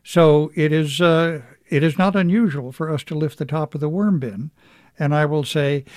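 A middle-aged man, an author being interviewed, speaking thoughtfully with frequent halting restarts. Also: a little high, darkish tone, no room sound, clean studio sound. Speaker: author guest. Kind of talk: reflective interview conversation.

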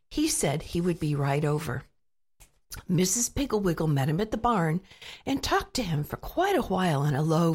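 A woman reading a children's storybook aloud in an expressive, playful way with dramatic pauses. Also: mid-range voice, husky.

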